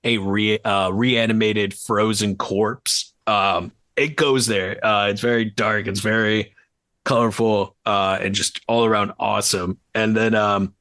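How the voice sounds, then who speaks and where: Bright, enthusiastic man chatting about films. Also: on the low side, steady tone, measured pace, no echo. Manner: enthusiastic, rambling with many fillers. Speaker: podcast co-host. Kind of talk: casual film chat.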